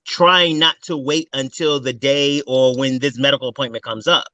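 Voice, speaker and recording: A man hosting an interview, talking in an animated, rambling way as he thinks aloud. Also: medium pitch, normal speed, dry recording, poor audio. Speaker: host. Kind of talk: casual interview talk.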